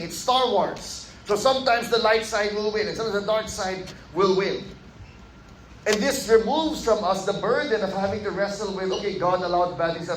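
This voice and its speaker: A Filipino man preaching a sermon with a fairly high voice, mixing in Tagalog asides and acting out the voices of those he quotes. His voice rings through an echoey hall with faint background ambience. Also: a bit bright, a little hiss or hum. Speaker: pastor. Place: church sanctuary.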